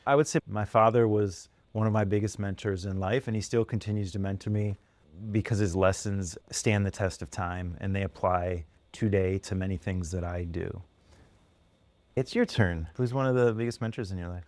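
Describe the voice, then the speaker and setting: A man co-hosting a podcast who tells animated stories and laughs often. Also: sits low, moderate pace, dry recording. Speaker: podcast co-host. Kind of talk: casual storytelling chat.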